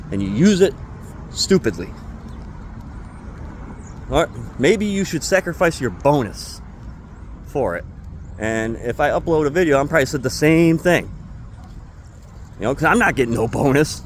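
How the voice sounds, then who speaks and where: A man's voice: a little high, a little hiss or hum. Man ranting angrily about his job. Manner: angry, profane ranting. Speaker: retail store employee. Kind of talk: venting vlog.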